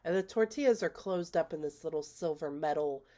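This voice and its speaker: Woman w a low voice rambling thru a movie recap, lots of likes and ums. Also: a little fast, dark tone. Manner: chatty, rambling with many fillers. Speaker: movie reviewer.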